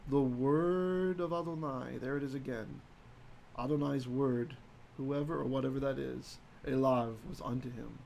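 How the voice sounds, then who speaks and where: A man teaching a live-streamed Hebrew Bible lesson in a conversational way, often asking "right?" and reading Hebrew verses slowly aloud. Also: medium pitch, steady tone, creaky, a little mellow, slight background noise.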